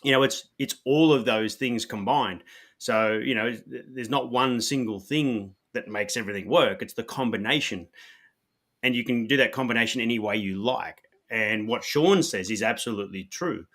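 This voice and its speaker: A man's voice: medium pitch, moderate pace, fairly bright tone. A man, an author, explaining his ideas in a confident, casual way with frequent "you know". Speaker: author guest.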